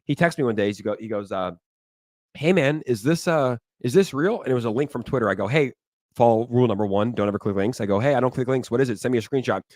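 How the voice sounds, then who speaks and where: A man's voice: on the low side, rapid-fire, darkish tone, no echo, clean studio sound. A man in his thirties hosting a casual crypto talk show, emphatic and repeating words for stress. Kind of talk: casual podcast chat.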